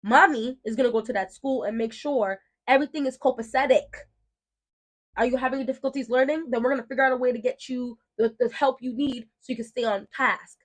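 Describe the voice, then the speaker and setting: Outspoken woman with a higher voice. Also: fairly even intonation, a little fast. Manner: emphatic and outspoken, lecturing tone; protective, firm and direct. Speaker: mom and beauty vlogger. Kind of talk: casual storytelling vlog.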